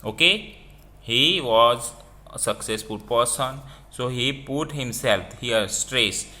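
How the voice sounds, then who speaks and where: A man teaching a grammar lesson, explaining slowly and repeating each example with phrasing. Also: medium pitch, animated, sharp tone. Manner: slow, repetitive explaining with non-native phrasing.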